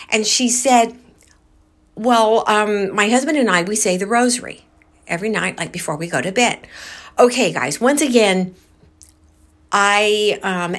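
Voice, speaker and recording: A woman vlogger slowly retelling a strange experience in a casual monologue, with many pauses and fillers. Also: mid-range voice, fairly bright tone.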